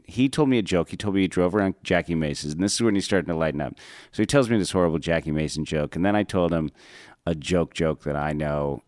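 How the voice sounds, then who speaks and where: A man, a comedian hosting a podcast, telling a story in a casual, animated way, laughing and correcting himself. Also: low-pitched, clean tone, dry recording, clean studio sound. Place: podcast studio.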